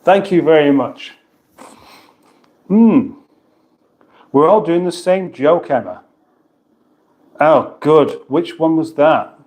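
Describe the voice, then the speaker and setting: A man's voice: on the high side, takes it slowly, long pauses, a little mellow. A British man hosting a casual livestream, reading viewers' comments aloud and answering them with dry, rambling banter. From United Kingdom. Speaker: livestream host.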